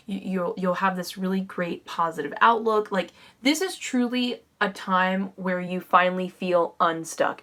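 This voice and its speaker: A woman's voice: mid-range voice, a bit bright. A bubbly woman chats her way through a tarot reading. She talks in loose, friendly sentences and keeps restarting her thoughts as she goes. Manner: bubbly, chatty, with fillers and self-corrections. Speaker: tarot reader. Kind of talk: casual tarot reading to camera.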